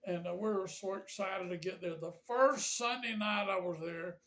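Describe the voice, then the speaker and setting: A man's voice: high-pitched, moderate pace, fairly bright tone. Older man, folksy and rambling. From Georgia, USA. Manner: folksy, rambling, with frequent fillers and restarts. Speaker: pastor. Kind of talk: casual reminiscing monologue to camera.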